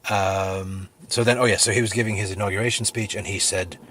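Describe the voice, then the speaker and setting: A middle-aged man telling a rambling comic story full of fillers, with a husky voice. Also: on the low side, fairly quick. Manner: rambling, filler-heavy, deadpan, then sincere. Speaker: comedic video host.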